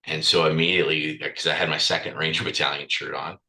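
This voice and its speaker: A man's voice: very deep voice, steady tone, fast, bright, forceful tone, low-quality recording. A man speaking as a podcast guest, telling a candid personal story bluntly, swearing freely and with raw emotion.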